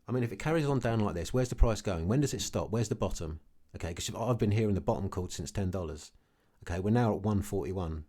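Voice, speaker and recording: A man's voice: on the low side, lively intonation, fast talker, hardly any pauses, warm tone. A man ranting casually to camera about his investments, blunt and repetitive, often tagging his points with "okay". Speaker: crypto vlogger.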